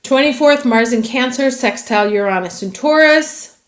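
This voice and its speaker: A woman's voice: sits high, expressive, normal speed. A woman astrologer giving a chatty, casual monthly horoscope reading that runs through dates.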